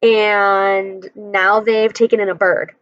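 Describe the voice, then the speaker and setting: A woman's voice: mid-range voice, little pitch movement, slow pace, no echo, dull audio. A woman reading a children's chapter book aloud, adding friendly explanations between passages.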